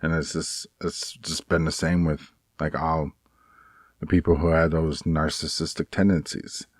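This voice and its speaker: A man talking in a casual personal vlog, rambling and halting with many restarts, earnest and aggrieved. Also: very deep voice, flat delivery, no echo, clean studio sound. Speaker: vlogger.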